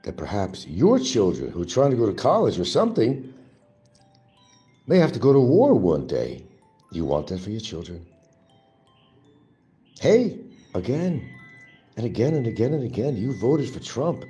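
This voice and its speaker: A man's voice: mid-range voice, wildly swooping pitch, moderate pace, long pauses, dark tone, faint music behind. A man hosting his own show, delivering an angry, profane and mocking monologue. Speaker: livestream host. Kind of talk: ranting political monologue.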